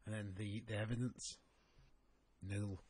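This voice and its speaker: A man's voice: medium pitch, lively intonation, moderate pace, very noisy. A man co-hosting a wrestling podcast, joking, swearing and laughing often in casual banter.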